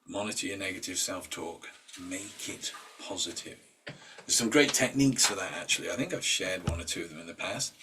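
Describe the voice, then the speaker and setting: A man's voice: deep voice, animated, brisk, recorded from a distance, background noise. A man leading an informal mindset workshop. He talks conversationally, with fillers and restarts, and acts out inner voices in quoted asides. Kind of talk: informal talk.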